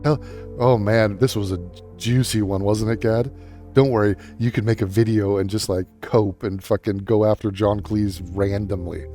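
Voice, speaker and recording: Snarky guy ranting and cussing, warm mellow voice. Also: lowish voice, fairly even intonation, normal speed, faint music behind. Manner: sarcastic, scornful, swears a lot. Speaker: commentary YouTuber. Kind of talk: profane reaction commentary.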